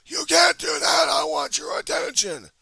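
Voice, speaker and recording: High, shrieking, hostile heckler acted by a man, ranting abuse, yelling. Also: sing-song, normal speed, creaky, no echo, clean studio sound, exaggerated voice. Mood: shouting. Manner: screaming, insulting, shrill.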